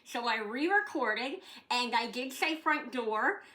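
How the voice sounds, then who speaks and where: Bright-voiced woman chatting at home. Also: on the high side, animated, takes it slowly. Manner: chatty, rambling, swears casually. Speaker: vlogger. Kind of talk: casual chat.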